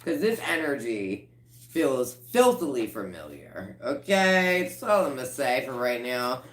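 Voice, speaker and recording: Woman with a low voice doing a tarot reading, laughs a lot, cusses, echoey room. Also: sing-song, unhurried. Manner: laughing often, blunt and profane. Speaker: tarot reader. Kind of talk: casual tarot collective reading.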